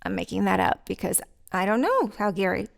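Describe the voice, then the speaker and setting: Giggly, gravelly middle-aged woman. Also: medium pitch, sing-song, fairly quick. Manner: giggly, rambling, self-mocking, chatty. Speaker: vlog host. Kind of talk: casual rambling monologue to camera. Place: sitting on the floor at home. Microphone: mic set up by her partner.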